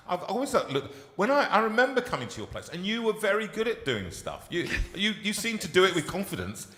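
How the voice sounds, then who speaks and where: A man's voice: high voice, sing-song, a little fast, pushed and bright, slight background noise. A man hosting a live chat show, playful and teasing in his banter. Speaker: host. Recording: roomy live room with long reverb.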